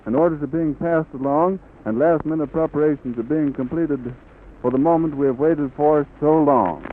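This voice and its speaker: A middle-aged man giving steady, flowery live radio commentary. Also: medium pitch. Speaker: radio reporter. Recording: tinny scratchy 1930s radio recording, faint hiss.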